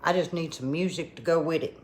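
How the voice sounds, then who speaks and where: A woman's voice: deep voice, brisk, darkish tone, a little hiss or hum. A woman hosting a casual cooking vlog from her kitchen, folksy and full of exclamations. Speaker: cooking channel host.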